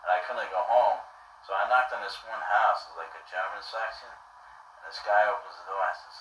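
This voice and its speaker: A man's voice: on the low side, steady tone, fairly quick. A man telling a story in a casual, rambling way, repeating himself and acting out what people said. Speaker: interviewee. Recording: echoey room, distant mic, faint hiss.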